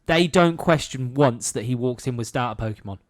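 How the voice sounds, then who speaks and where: A man's voice: medium pitch, brisk, dry recording, clean studio sound. A man co-hosting a podcast, ranting in casual chat and swearing freely. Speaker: podcast co-host.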